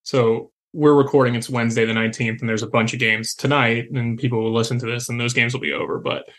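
A man co-hosting a sports podcast in easygoing chat. He talks in a loose, rambling way, full of fillers and quick restarts, with a voice of ordinary middle pitch. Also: little pitch movement, a bit bright. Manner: chatty, frequent fillers and restarts. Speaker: podcast co-host.

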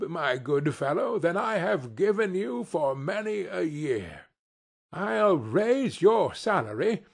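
A man's voice: a little high, exaggerated voice. A man reading an audiobook, voicing an old man who plays stern and then turns hearty and generous. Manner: gruff mock sternness turning hearty. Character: old man, reformed miser, suddenly jovial. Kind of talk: storybook reading.

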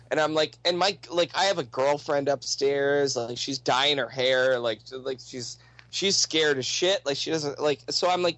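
A young man with a high voice tells a story in casual, profane speech. He laughs often and acts out the other people as he goes. The sound is dry and close. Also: moderate pace, fairly bright tone, no echo, poor audio.

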